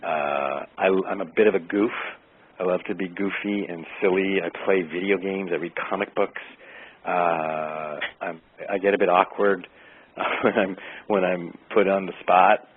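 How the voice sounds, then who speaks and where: A man, an actor, answering interview questions in an easygoing way, pausing often with fillers to find his words. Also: deep voice, steady tone, breathy edge. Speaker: actor guest. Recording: tinny phone-like line.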